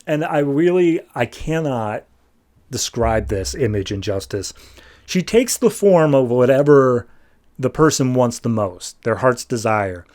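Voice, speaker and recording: Male podcast host, casual comic recap, mid-pitch, breezy delivery. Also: darkish tone. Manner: breezy, voices characters' lines with quick shifts.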